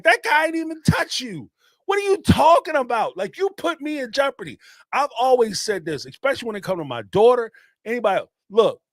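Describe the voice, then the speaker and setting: A man's voice: high voice, fairly bright tone, no echo, studio quality. A middle-aged man hosting a live call-in show, talking emphatically in casual slang and repeating phrases for emphasis. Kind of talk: casual spoken commentary.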